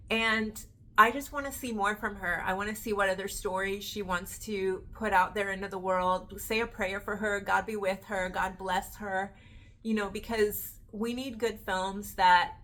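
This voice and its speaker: A woman in her forties from the United States, chatting to camera in a casual vlog, animated and slangy. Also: mid-range voice. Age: 40s. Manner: animated, chatty, slangy with frequent "yo" and "you know". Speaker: vlogger, actress.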